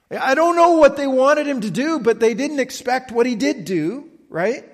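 A man preaching a sermon, slow and emphatic, often checking in with the listeners. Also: very high-pitched, lively intonation, in a large hall. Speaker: pastor.

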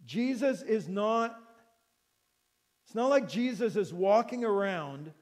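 A middle-aged pastor with a high voice delivers an earnest sermon at an unhurried pace. He repeats his phrases and keeps asking questions of his listeners. His voice rings with the long reverb of a large church hall. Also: expressive, darkish tone.

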